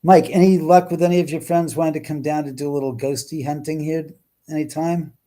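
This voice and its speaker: A man's voice: fairly high pitch, fairly even intonation, brisk, warm tone. A man hosting a casual livestream from his home, chatting with viewers, exclaiming and swearing freely. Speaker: livestream host. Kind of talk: casual live-stream chat, answering viewers.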